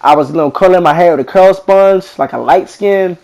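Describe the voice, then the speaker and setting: Teen boy, casual storytelling, slangy, rambling, a bit high voice. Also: a little fast, highs cut off. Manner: slangy, rambling, animated retelling with quoted voices. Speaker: vlogger.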